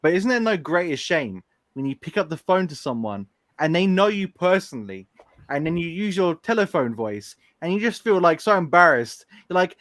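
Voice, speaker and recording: A man with a London accent, co-hosting a casual chat on a video call, animated and jokey. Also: high voice, no room sound, clean studio sound. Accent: London English. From England. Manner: animated, jokey, quick to laugh. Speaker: podcast co-host.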